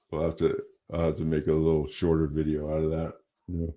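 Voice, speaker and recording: A man's voice: a bass voice, monotone, normal speed, mellow. A man chatting casually as a podcast host, laid-back and profane, dropping "dude" and "bro" often. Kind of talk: casual chat.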